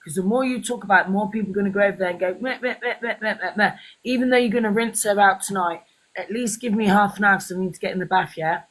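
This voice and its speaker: This is a guest joining a phone livestream, a little rough in the throat from a sore throat. The talk is chatty, slangy and teasing, at a middling pitch. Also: rapid-fire, fairly bright tone, rough recording. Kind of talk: casual livestream chat.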